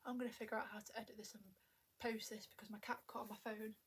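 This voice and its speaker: Breathy, rambling young woman. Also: medium pitch, level tone, quick pace. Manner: chatty, self-mocking, rambling. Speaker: vlogger. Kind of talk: rambling casual chat to camera. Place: at home indoors. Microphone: tablet camera.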